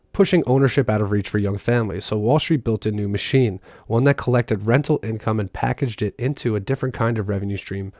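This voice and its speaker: In a clean, echo-free studio recording, a political commentator with a lowish, darkish voice reads a news article and pauses now and then to sarcastically mock what it says.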